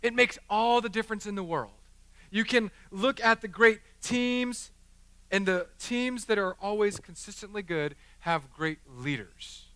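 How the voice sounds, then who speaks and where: Middle-aged male pastor, funny and animated, preaching with a forceful, bright tone. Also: high-pitched, a little slow, clear, resonant tone, dry recording. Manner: animated, joking, acts out the people in his stories. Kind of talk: sermon with storytelling. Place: church chapel.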